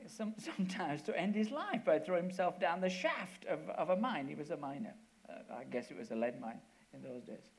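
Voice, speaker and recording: Older man, preacher, sermon, storytelling, lively intonation, forceful exhortation. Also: fairly high pitch.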